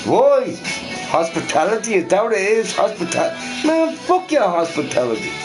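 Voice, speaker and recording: A man's voice: high voice, wildly swooping pitch, normal speed, over music, low-quality recording. A drunk Irish man with a Dublin accent ranting in a heated, profane monologue and repeating himself. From Ireland.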